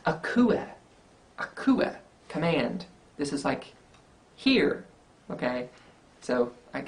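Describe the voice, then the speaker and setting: A man teaching Greek grammar in a recorded slide lecture, explaining step by step and asking rhetorical questions, with a faint hiss behind him. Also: mid-range voice. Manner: explanatory, thinking aloud with fillers and rhetorical questions.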